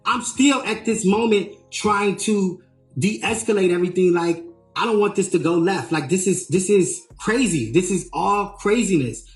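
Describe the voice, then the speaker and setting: A man working as a tour manager tells a story in an animated way, re-enacting what people said with emphatic rises. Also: high-pitched, moderate pace. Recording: roomy echo, faint music.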